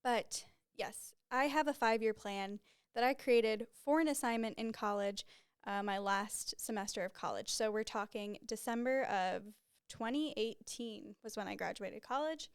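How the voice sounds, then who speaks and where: Her voice slightly high, smooth, and clear, a woman in her twenties rambles emotionally on a casual solo podcast, speaking at normal speed. She sits close to a podcast microphone in a small studio with a white backdrop, where the dry, dead room adds no room sound.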